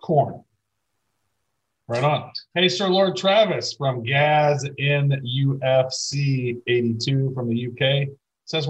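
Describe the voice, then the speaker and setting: A middle-aged man with a husky, slightly rough voice, co-hosting a casual podcast. He rambles on enthusiastically and swears playfully now and then. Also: medium pitch, takes it slowly, highs cut off. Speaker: podcast co-host.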